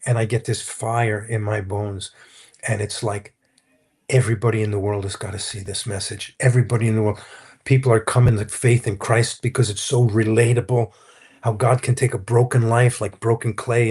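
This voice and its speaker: Husky guy telling his faith story in an interview, earnest and chatty. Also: mid-range voice, a little mellow. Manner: earnest, anecdotal, quotes others as he tells the story. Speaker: Christian counselor and potter, interview guest. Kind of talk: conversational testimony storytelling.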